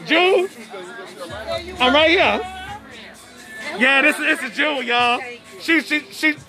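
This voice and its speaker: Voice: high voice, takes it slowly, vocal fry. A host streaming live from an outdoor family party, stammering and repeating words as they chat. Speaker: host of an online show. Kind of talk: casual live-stream commentary. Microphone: phone. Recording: outdoor party noise on a phone. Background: music and a chattering crowd.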